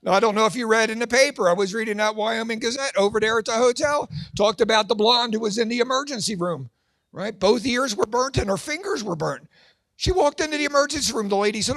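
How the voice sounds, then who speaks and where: An older man with grandchildren doing a stand-up comedy set at a church fundraising gala, joking with quick asides and putting on high voices for his characters. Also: fairly bright tone, dry recording.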